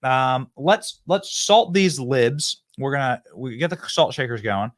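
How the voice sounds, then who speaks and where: A man's voice: mid-range voice, a little slow, no echo, studio quality. A man hosting a political commentary show, talking in a casual, mocking way and laughing often. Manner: animated, sarcastic, laughs often. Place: studio.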